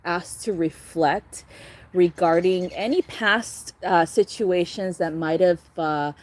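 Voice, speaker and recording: A woman's voice: lowish voice, slow. Chatty woman giving a spiritual reading. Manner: chatty, laughs often, swears casually. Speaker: tarot reader. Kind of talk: casual spiritual vlog reading.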